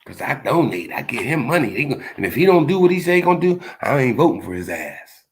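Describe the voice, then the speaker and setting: Male vlogger, AAVE speech, angry preachy rant, mid-pitch. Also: very animated, fast, background noise. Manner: frustrated, preachy, repetitive "man" tags. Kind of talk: impassioned monologue.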